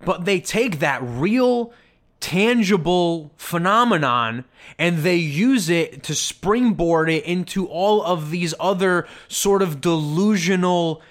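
A man's voice: high-pitched, lively intonation, takes it slowly. A man hosting a podcast, delivering a sarcastic, indignant rant as commentary. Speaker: podcast host. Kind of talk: ranting commentary.

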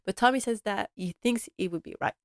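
A woman chats through a recap of a period drama, gushing and rambling with plenty of fillers. Her voice is smooth and clear, at a middle pitch. The sound is close and dry. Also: brisk, dry recording. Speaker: podcast host. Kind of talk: casual episode recap chat.

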